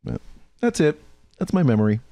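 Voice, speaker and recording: A man's voice: a little high, big pitch swings, brisk, warm tone, no echo. A man hosting a casual comedy podcast, telling rambling, jokey stories. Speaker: podcast host.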